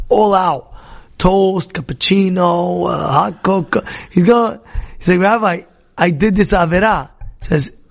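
A man teaching a Torah class in an animated storytelling style, acting out dialogue with many restarts and swinging between loud and soft. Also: high voice, vocal fry.

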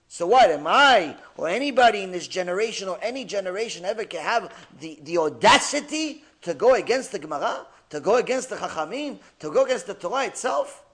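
Man, rabbi, Torah lecture, animated, high voice. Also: brisk, few pauses, husky. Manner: animated, acts out quotes. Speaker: rabbi teaching.

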